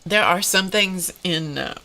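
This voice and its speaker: Slow, teary, congested woman. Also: lowish voice, bright, forceful tone. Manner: halting, emotional, with sighs and pauses. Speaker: host of an art live stream. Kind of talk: live-stream drawing tutorial.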